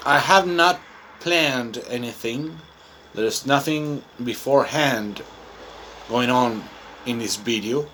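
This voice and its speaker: A Chilean man, a native Spanish speaker who teaches English, rambles through an improvised, self-recorded monologue, talkative and full of fillers. His voice is medium-pitched and a bit bright, with a little hiss or hum on the recording.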